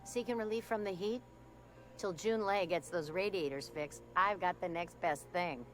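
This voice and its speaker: An actress playing a folksy, blunt frontier bartender with a drawling manner, from a video game. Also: female voice, on the low side, moderate pace, a little hiss or hum, natural voice, rough recording.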